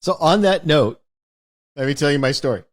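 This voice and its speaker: A podcast host tells a childhood anecdote in a wry, casual way, swearing now and then. His voice is fairly high and expressive, and he speaks at a moderate pace.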